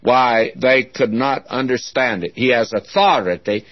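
A man's voice: medium pitch, measured pace, dry recording. A man preaching an expository sermon as a Bible teacher, in an earnest, folksy way, often calling his listeners "friends". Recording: dull lo-fi recording.

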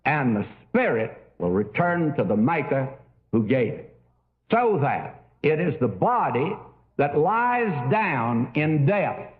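Older preacher, phone-like narrow sound. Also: male voice, a little high, big pitch swings, slow pace. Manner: folksy storytelling with many fillers. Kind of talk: sermon.

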